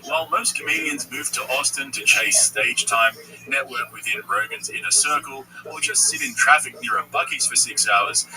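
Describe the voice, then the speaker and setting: Fields: Sex: man. Style: sarcastic scripted commentary. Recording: distant, crowd noise behind. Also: mid-range voice. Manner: sarcastic, mocking, with careful legal disclaimers. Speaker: commentary channel host.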